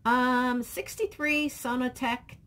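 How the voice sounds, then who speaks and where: A woman's voice: high voice, slow, fairly bright tone. A middle-aged woman vlogging casually, rambling and reading viewer comments aloud. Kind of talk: casual chat.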